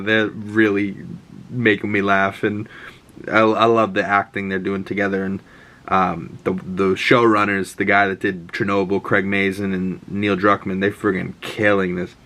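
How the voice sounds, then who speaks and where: A man's voice: fairly low pitch, steady tone, moderate pace, a bit bright. A man in his twenties gives a rambling, profane, enthusiastic recap of a show, full of fillers. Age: 20s.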